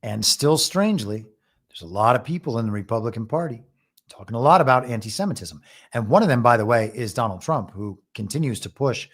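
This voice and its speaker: A man's voice: mid-range voice, lively intonation. Man giving political commentary. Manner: measured, reads news items aloud and comments. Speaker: podcast host and moderator.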